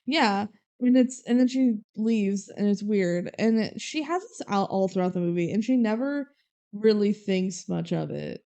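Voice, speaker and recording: A woman's voice: mid-range voice, animated, unhurried, creaky, mellow, clean tone. A young woman co-hosting a podcast, recapping a movie in casual chat and laughing as she quotes scenes. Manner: chatty, giggly, quotes scenes in small acted voices. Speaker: podcast co-host.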